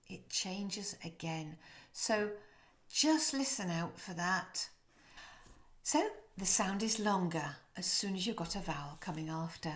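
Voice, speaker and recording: A woman teaching French pronunciation, demonstrating sounds slowly and coaching the viewer to repeat. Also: medium pitch, expressive, a bit bright. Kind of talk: pronunciation lesson to camera.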